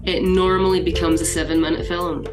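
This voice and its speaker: Woman panelist, lower voice, practical advice, music behind. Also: flat delivery, fairly quick. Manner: practical, advising. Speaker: panel guest.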